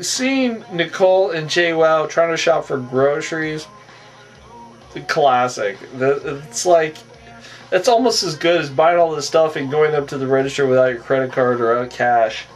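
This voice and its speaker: A man's voice: fairly high pitch, rough recording. A man giving a casual, rambling recap of a TV episode, with a habit of saying "on that" and frequent chuckles. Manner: rambling, repeats the tic "on that", chuckles often. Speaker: recap host.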